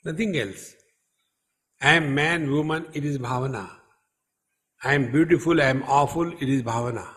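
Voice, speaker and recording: A man's voice: medium pitch, fairly bright tone. Man giving a chanted discourse. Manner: slow, emphatic, chants Sanskrit verses. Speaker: spiritual teacher. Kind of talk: scriptural discourse. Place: retreat hall.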